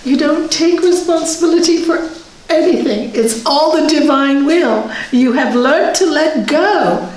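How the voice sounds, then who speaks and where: Expressive lady teaching spirituality, kinda high voice, mic far off in a big roomy hall. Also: a little slow. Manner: earnest, expressive, emphatic. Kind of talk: teaching talk with a story. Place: yoga centre hall.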